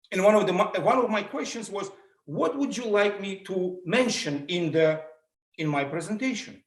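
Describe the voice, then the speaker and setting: A middle-aged man with a heavy Russian accent gives an animated motivational talk, his fairly high voice swinging widely in pitch. He acts out the lines he quotes. The sound carries an echoey room. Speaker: motivational speaker. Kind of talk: public speaking talk.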